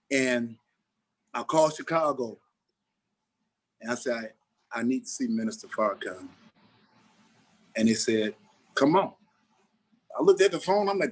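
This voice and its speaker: A middle-aged man tells a story in an interview, with a voice pitched a little high. He swings his voice up and down as he acts out what other people said. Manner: animated storyteller who acts out dialogue. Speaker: actor and interview guest.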